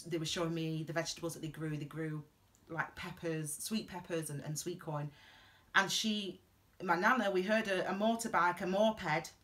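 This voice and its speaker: Earnest rambling woman, bright tone. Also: fairly low pitch. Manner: rambling and halting, with many restarts and tangents; earnest and heartfelt. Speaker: tarot reader giving advice. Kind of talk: reflective advice vlog monologue.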